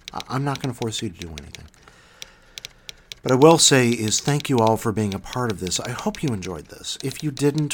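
A man hosting his own podcast in casual solo talk, self-mocking and animated, swinging between loud bursts and muttered asides. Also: mid-range voice, a little hiss or hum. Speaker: podcast host.

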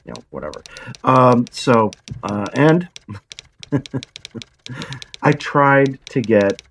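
A woman's voice: very deep voice, very animated, slow, slight background noise, poor audio. A woman hosting her channel, rambling through a casual monologue with blunt, self-deprecating asides and the odd swear. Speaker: channel host.

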